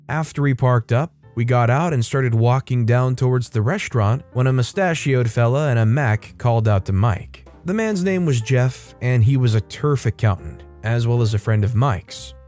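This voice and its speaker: A man reading a first-person story aloud in scripted storytime narration, measured and expressive. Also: medium pitch. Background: faint background music.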